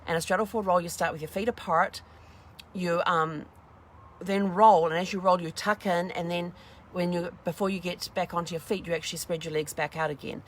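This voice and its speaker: A woman's voice: on the low side, fairly even intonation, brisk. A middle-aged woman hosting a casual motivational talk, chatty and acting out little dialogues as she goes. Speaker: host.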